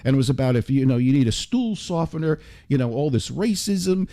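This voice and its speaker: Mellow-voiced older man telling radio stories. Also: medium pitch. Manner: animated anecdote-telling with quick asides. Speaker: radio broadcaster, guest. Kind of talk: storytelling interview chat. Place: radio studio.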